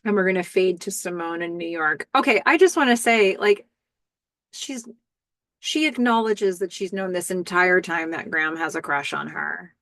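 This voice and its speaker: A middle-aged woman hosting a podcast, giving an animated, enthusiastic recap of a TV episode. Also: lowish voice, moderate pace, no room sound. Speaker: podcast host.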